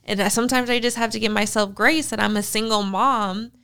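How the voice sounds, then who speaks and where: A woman co-hosting a casual chat, telling animated stories and acting out conversations with her young son. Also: on the high side, fairly quick, clear, resonant tone. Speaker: podcast co-host.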